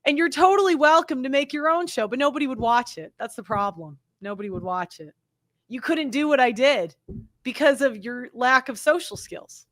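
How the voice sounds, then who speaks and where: A woman's voice: high-pitched, normal speed, fairly bright tone, no echo. A young woman hosting her own show, talking in an indignant, defensive monologue full of "like" and "you know", acting out the people she quotes. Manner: mimics others in quoted lines. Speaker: show host. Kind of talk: opinionated monologue to camera.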